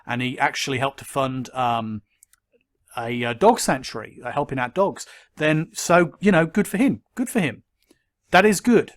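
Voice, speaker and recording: A man giving skeptical commentary, measured and critical, with frequent ums and uhs. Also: on the high side. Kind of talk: argumentative commentary to camera.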